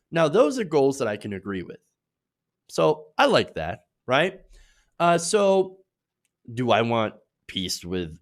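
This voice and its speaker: A man delivers political commentary in an opinionated, conversational way. His pitch swings widely as he argues his points, sitting at a middling register. He leans on fillers and tag questions as he goes. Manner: animated, opinionated, filler-heavy delivery with frequent "uh" and "right?".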